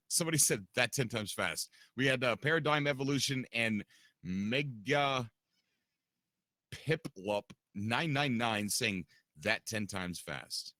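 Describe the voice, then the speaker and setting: A man's voice: mid-range voice, sharp tone, no room sound, clean studio sound. A man hosting a livestream podcast, chatting casually and rambling straight to his viewers. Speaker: podcast host and streamer.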